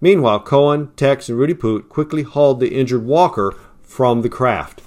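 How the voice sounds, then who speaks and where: A man reading a war story aloud as narrator, in a plain storytelling manner. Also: moderate pace. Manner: raises pitch and volume for quoted lines, drops low and quiet for tags.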